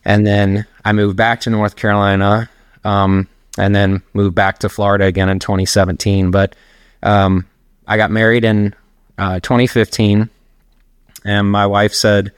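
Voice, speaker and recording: A man's voice: lowish voice, level tone, normal speed, smooth, dry recording, clean studio sound. A middle-aged man, a personal trainer, telling long rambling stories as a guest in a casual interview. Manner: rambling, anecdotal, laughs while telling stories.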